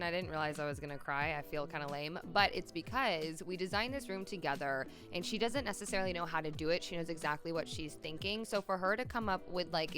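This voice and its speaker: A young woman hosting a home makeover vlog, narrating casually and chattily with lots of fillers. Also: low-pitched. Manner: chatty, filler-heavy, upbeat. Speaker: DIY vlog host and designer.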